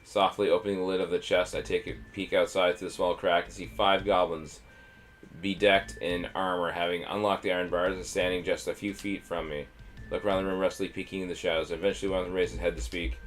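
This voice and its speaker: Deep-voiced man reading a game aloud. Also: level tone, quick pace, soft background music. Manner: stumbling, with offhand asides. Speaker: streamer. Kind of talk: reading a text adventure aloud.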